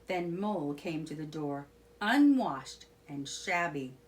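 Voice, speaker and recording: A woman reading a children's storybook aloud, narrating slowly and expressively. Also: low voice, expressive.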